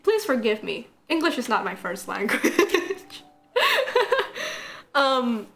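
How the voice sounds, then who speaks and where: A young woman talks in a casual, rambling way on a live stream, answering chat as she draws and laughing often. Her voice sits a little high. A faint hiss runs underneath. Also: expressive, moderate pace, gravelly, a bit bright. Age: young adult.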